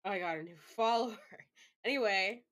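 A woman's voice: medium pitch, normal speed, fairly bright tone. A woman live streamer chatting casually to herself, rambling with lots of fillers and swearing. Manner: rambling self-talk with frequent swearing and fillers.

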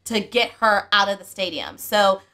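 A middle-aged woman hosting a family book channel, chatting and retelling a story in an animated way. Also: medium pitch, moderate pace. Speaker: book channel host and mother. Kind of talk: casual family chat.

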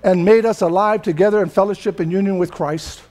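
Older california preacher guy, really high voice, chatty sermon that gets loud and shouty. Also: steady tone, brisk. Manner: loose, conversational preaching that swells into emphatic shouting. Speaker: pastor.

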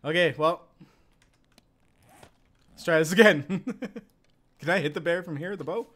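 A man's voice: fairly high pitch, a little slow. A young Canadian man streaming a survival game live, chatting casually and yelping and laughing when things go wrong. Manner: excitable, yelps and laughs in panic. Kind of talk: live gameplay commentary.

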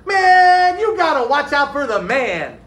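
A man reading aloud, voicing a sassy, loud fifth-grade boy in a storybook. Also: very high-pitched, sing-song, unhurried, reverberant, voice pushed up, heavily acted. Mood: brash. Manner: loud, brash.

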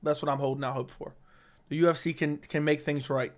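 A man's voice: on the high side, fairly even intonation, fairly quick. A man chatting on a livestream in a blunt, outspoken way, his voice strained and worn from too much talking. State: strained, tiring voice. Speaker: MMA commentary streamer. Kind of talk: casual livestream chat.

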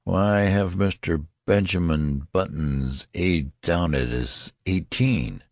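A man's voice: deep voice, slow pace, darkish tone, no echo, clean studio sound. A man voicing a stern, irritable older college registrar who talks in a curt, scolding way, in an audiobook.

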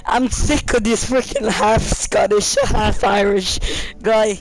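A man's voice: high voice, steady tone, slow pace, background noise. An American man in casual gaming voice chat, rowdy and teasing, swearing often. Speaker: gamer in voice chat.

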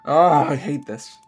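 A man streaming a strategy game, talking excitedly to himself and his chat, urging his troops on in frantic bursts. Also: on the high side, husky. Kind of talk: live strategy game commentary.

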